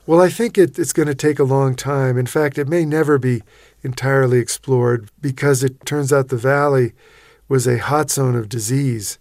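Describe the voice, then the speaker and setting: Animated man telling a vivid story. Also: medium pitch, moderate pace, dry recording, clean studio sound. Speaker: interview guest, expedition writer. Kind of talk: storytelling in a radio interview.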